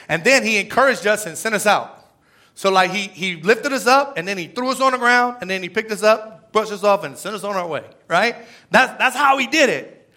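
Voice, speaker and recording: A man preaching a conversational sermon, with a lively drawl and frequent "right?" asides. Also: high voice. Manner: energetic, conversational, tag questions. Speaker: pastor.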